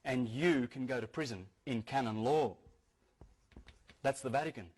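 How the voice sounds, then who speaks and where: This man's medium-pitched, darkish voice moves at a moderate pace as he earnestly lectures an audience. Restarted sentences and repeated key phrases come up often.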